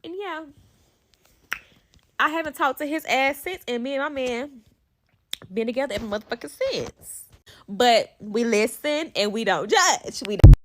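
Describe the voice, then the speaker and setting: A woman with a high, bright-sounding voice rolls through a personal story in a casual storytime. She tells it with animated, profane drama and swears freely. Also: a little slow, long pauses.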